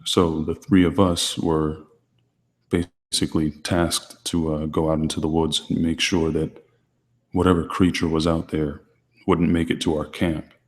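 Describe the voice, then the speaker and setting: A man hosting his channel, answering viewer questions in a calm, deliberately quiet, restrained way. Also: a bass voice, in a large hall. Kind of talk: low-key livestream chat.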